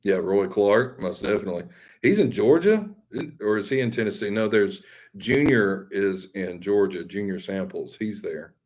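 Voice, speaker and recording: Low-voiced folksy Southern man chatting. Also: animated, moderate pace, a little mellow. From Mississippi. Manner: rambling, folksy, self-deprecating. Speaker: live stream host. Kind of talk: casual chat with viewers.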